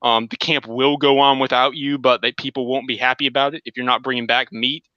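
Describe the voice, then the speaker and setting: A man's voice: medium pitch, brisk, dry recording, muffled recording. A man co-hosting a casual gaming podcast, telling stories with enthusiasm and acting out quotes. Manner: enthusiastic, animated storytelling with acted quotes. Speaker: podcast co-host.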